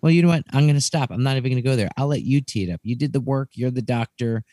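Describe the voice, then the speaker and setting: A man's voice: mid-range voice, rapid-fire, warm tone, dry recording, studio quality. A man co-hosting a podcast in loose, jokey chat that often trails off and restarts. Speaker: podcast co-host.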